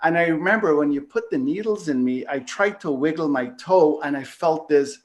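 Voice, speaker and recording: Chatty man with a higher voice. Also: normal speed. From Canada. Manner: rambling, full of "you know" fillers, casual swearing. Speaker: podcast host. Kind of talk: casual storytelling in an interview.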